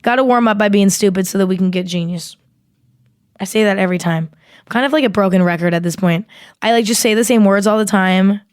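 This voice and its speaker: A young woman hosts a podcast in loose, rambling chat, leaning on "like" as she talks. Her voice is smooth and clear at a middle pitch. The sound is dry and close to the mic. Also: a little fast, no room sound. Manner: chatty and rambling, heavy use of "like". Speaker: podcast host. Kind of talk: casual chat with a sponsor read.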